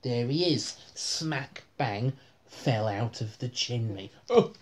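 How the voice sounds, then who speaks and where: Woman reading a bedtime story at home, low voice, laughs a lot, slow, lots of rise and fall. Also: lively intonation, heavy background noise. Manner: laughs often while reading. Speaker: parent reading to children.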